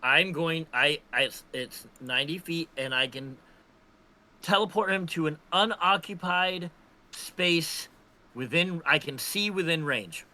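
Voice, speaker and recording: A man playing a tabletop game, eagerly planning his character's moves out loud. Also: on the high side, unhurried. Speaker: player.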